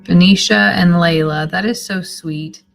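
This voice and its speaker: A woman's voice: fairly low pitch, steady tone, measured pace, gravelly. A woman chatting casually on a live stream, sleepy and rambling as she thanks viewers. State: sleepy, yawning. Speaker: homesteading livestreamer.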